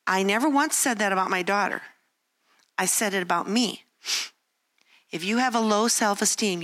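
An older woman speaks with a bright, clear voice at a middle pitch. She tells candid, self-deprecating stories from her family life in a devotional talk, breaking into little acted-out quotes. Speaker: Christian speaker.

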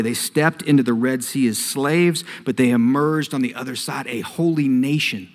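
Earnest male preacher in a hall. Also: medium pitch. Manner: earnest storytelling, swells louder on key phrases. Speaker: pastor. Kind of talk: sermon. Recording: long hall reverb.

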